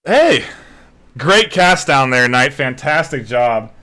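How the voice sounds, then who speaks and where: A man's voice: medium pitch, moderate pace, pushed and bright. A man casting a live esports match, rambling loosely and swearing casually. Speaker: esports shoutcaster. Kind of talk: casual live stream commentary.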